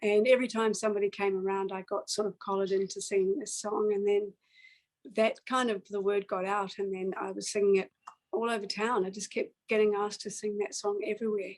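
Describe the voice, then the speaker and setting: Woman guest, storyteller, even level delivery, earnest and reflective with pauses. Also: medium pitch, poor audio. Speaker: singer-songwriter guest. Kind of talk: personal storytelling in a conversation.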